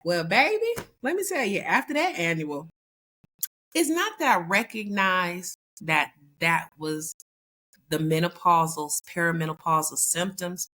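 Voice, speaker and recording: A woman in her fifties hosting a podcast, telling personal stories in an animated, chatty way and laughing along. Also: fairly low pitch, a little slow. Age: 50s. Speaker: podcast host. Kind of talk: casual storytelling monologue.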